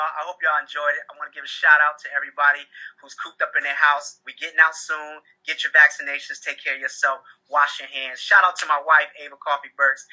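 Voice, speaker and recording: A man in his forties performing a stand-up comedy set, telling animated stories and acting out dialogue loudly. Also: on the high side. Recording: phone-like audio.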